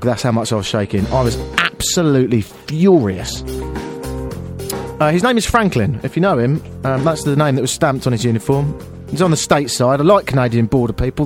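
A man telling an exasperated, self-deprecating story on air as a radio host. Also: on the high side.

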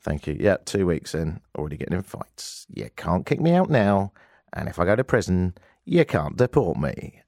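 British man in his 40s, radio host, lively storyteller who jumps way up in pitch for effect, dry studio mic. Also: normal speed, gravelly, no room sound. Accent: British English. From Britain. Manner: wry, self-mocking, swings high for emphasis. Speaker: radio talk show host. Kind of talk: animated storytelling monologue. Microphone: studio microphone.

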